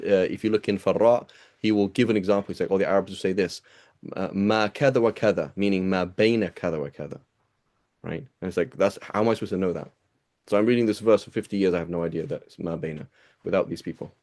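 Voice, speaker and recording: A man's voice: fairly low pitch, dark tone. A man teaching a small class, reading and explaining texts in a casual, rambling way and asking his students rhetorical questions.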